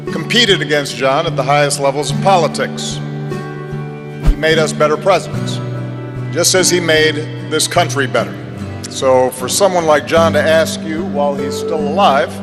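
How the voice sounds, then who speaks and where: A man delivering a formal eulogy in a measured, dignified way, with light touches of humor. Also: fairly high pitch. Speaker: speaker giving a eulogy. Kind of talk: formal speech. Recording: echoey hall with loud music under it.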